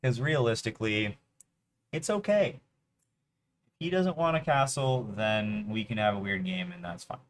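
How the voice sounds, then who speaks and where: A man's voice: mid-range voice, big pitch swings, normal speed, pauses often, slight background noise. Muttering man streaming his workday. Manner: muttering to himself while he works, half-finished phrases; pleads aloud with an online chess opponent. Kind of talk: casual livestream commentary.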